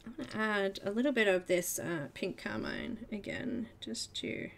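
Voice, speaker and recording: A woman's voice: mid-range voice, expressive, normal speed, gravelly. A woman chatting and giggling through a live coloring tutorial, talking to herself as she works. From Australia. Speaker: art tutorial host.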